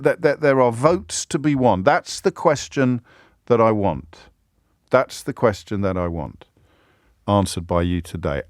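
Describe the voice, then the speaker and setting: A man's voice: fairly low pitch, no room sound, studio quality. A man hosting a radio phone-in, wry and sardonic as he takes calls. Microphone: studio microphone.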